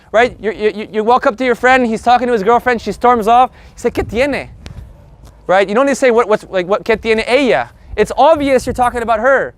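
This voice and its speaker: A man teaching a live group Spanish lesson in an energetic, joking, profane way. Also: extremely high pitch.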